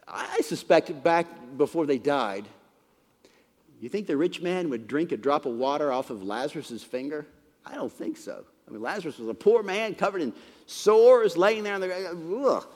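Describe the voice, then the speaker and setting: A man preaching a sermon in a fairly high, animated voice that swings widely in pitch. He retells the passage and often stumbles over repeated words. The sound carries the long reverb of a large hall. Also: moderate pace. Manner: expository retelling with frequent stumbling word repeats.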